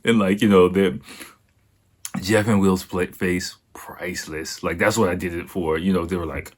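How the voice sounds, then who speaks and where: A man's voice: low voice, moderate pace. A young man hosting a podcast, telling a story casually with frequent laughter and acted-out voices. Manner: laughs often, animated, acts out voices. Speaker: podcast host.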